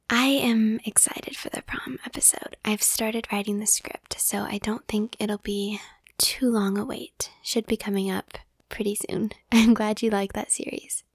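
A young woman reads comments in a soft, breathy whisper, giggling between them and poking fun at herself. Her voice is flat and gravelly, with little pitch movement. The mic sits close in a dead, dry space. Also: dry recording. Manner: whispered, giggly, self-deprecating. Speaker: ASMR audio creator.

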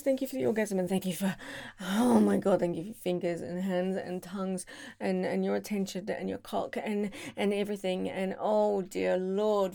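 Slow, gravelly British woman. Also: mid-range voice, dark tone. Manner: breathy, moaning, often dropping to a whisper. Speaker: audio performer. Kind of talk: intimate audio role-play.

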